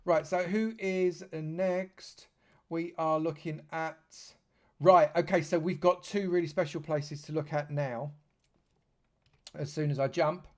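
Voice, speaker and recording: A man's voice: fairly high pitch, steady tone, slow. A man from London, giving chatty live commentary on a game stream and joking with dry sarcasm. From London, England.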